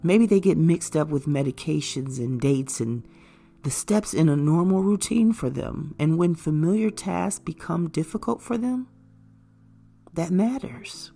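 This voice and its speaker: A woman giving an earnest, measured talk that gently explains things to caregivers. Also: sits low, expressive, gravelly, soft background music. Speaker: caregiver educator. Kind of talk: informative talk to camera.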